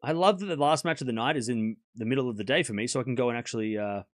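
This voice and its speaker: A man's voice: medium pitch, very fast. A man hosting a live tennis watchalong stream, calling points in chatty play-by-play, thanking donors and laughing often. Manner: chatty play-by-play, reads out donations.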